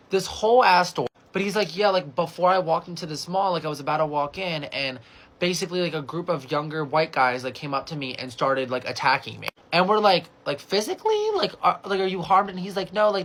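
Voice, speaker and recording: A man's voice: fairly high pitch, a bit bright. A young adult man from California telling a casual storytime, chatty and swearing freely, with lots of "like" as he acts out the dialogue.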